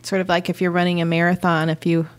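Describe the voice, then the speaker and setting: A woman in a faith-based conversation, telling stories in an animated way and laughing as she talks. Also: lowish voice, fast.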